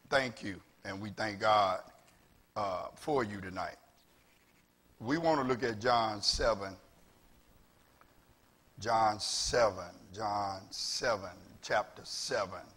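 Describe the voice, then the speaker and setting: Pastor, male, Southern US accent; slow, bright, repetitive sermon delivery that rises to loud preaching. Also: fairly low pitch. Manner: repeats phrases, builds from quiet to loud preaching. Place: church with several cameras.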